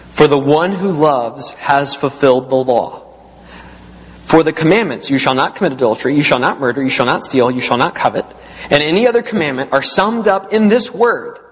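Earnest preacher in a reverberant hall. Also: male voice, mid-range voice. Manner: earnest teaching, reads scripture aloud and repeats key phrases. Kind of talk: expository sermon. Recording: long reverb in a large hall.

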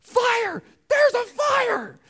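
A man voicing a frantic male tenant shouting about a fire, in a panicked voice. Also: very high voice, lively intonation, drawn-out words, voice pushed up, full character voice.

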